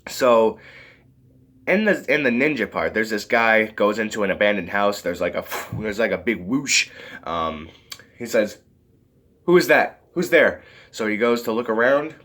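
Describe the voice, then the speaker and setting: Low-voiced man, lively rambling review. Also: normal speed. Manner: rambling, full of fillers, giggles often. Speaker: movie reviewer. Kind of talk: casual video review.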